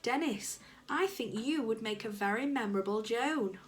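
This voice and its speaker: A woman's voice: fairly high pitch, normal speed, lightly acted. A woman reading aloud, voicing a prim, theatrical female teacher who loves dropping in French words.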